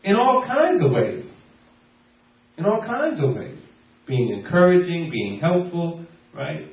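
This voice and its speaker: Very animated yet taking his time, a pastor with a fairly high voice gives a sermon full of laughter and playful impressions of everyday talk. His voice comes from far away in an echoey room, and the recording sounds dull.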